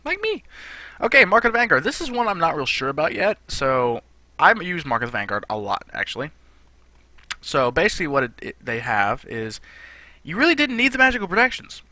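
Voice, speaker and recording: A young gaming host goes over game patch notes in a loose, conversational ramble full of fillers. He speaks briskly in a fairly high, sharp voice with big pitch swings, and there's no echo.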